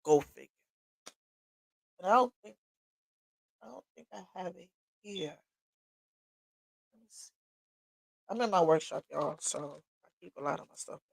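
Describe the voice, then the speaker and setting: A woman's voice: low-pitched, expressive, unhurried, creaky, long pauses, no room sound, rough recording. A woman hosting a livestream, telling her own story in a candid, emotional way, tearful and sniffling as she talks. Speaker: livestream host. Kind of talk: personal testimony talk. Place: home workshop.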